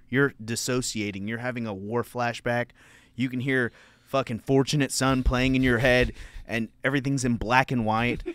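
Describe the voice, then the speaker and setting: A man's voice: medium pitch, smooth, no room sound. Young comedian guy ranting a story on his podcast, cussing and laughing, dead dry mic sound. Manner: loud, profane, laughing storyteller.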